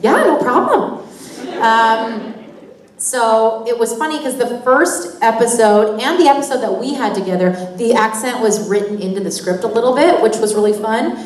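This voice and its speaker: A woman's voice: a little high, moderate pace, darkish tone. Woman, from Canada, chatty panel storyteller; roomy, distant hall sound. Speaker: actor on a convention panel. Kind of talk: convention panel Q&A. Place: convention hall. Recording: echoey hall from far off.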